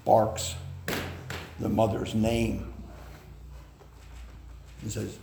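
Slow, gravelly man preaching in an echoey hall. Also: fairly low pitch, flat delivery, mellow. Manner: slow, deliberate, with hesitant fillers. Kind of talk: sermon on family life. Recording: echoey hall with faint noise.

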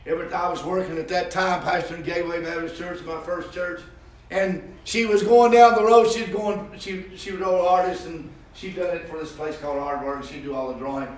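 High-voiced preacher in echoey room. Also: male voice, steady tone, a little fast, far from the mic. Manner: folksy storytelling, rising to shouts. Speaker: pastor. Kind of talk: preaching a sermon with testimony. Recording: echoey room heard from afar.

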